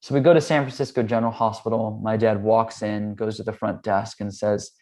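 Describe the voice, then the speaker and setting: A man's voice: fairly low pitch, brisk. A man from Hawaii and California, a yoga teacher and interview guest, telling stories in a casual, chatty way and acting out the people in them. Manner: relaxed, chatty, with many "um" and "like" fillers; acts out the voices of the people in his stories. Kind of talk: casual conversational storytelling.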